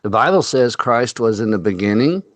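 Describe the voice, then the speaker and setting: A man's voice: mid-range voice, animated, moderate pace, fairly bright tone, dry recording. A man hosting a casual chat from a home under renovation, rambling along with frequent fillers and laughs. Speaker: host.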